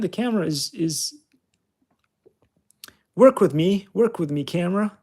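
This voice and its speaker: A man's voice: high-pitched, lively intonation, unhurried, darkish tone, husky. A man giving casual, self-mocking commentary while he plays a flight simulator game. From California. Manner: chatty, self-mocking, talks to himself while playing. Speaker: channel host.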